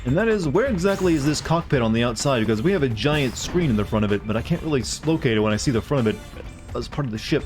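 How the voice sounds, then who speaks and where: A man's voice: mid-range voice, animated, fast, darkish tone. A young man rattles off casual commentary over his game stream, rambling and cracking jokes at the cutscenes. His voice sits mid-range, and faint game music plays beneath.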